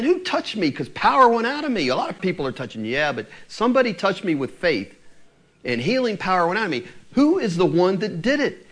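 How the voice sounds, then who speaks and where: In a high-pitched voice, a man preaches a sermon and retells stories from scripture. His delivery is animated, and he acts out the lines of the people in them.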